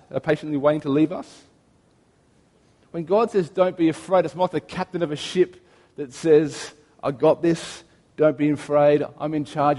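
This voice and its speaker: A man in his thirties preaching a sermon as pastor, telling stories in a chatty way with gentle humor. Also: a little high, big-room sound. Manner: conversational storytelling with gentle humor.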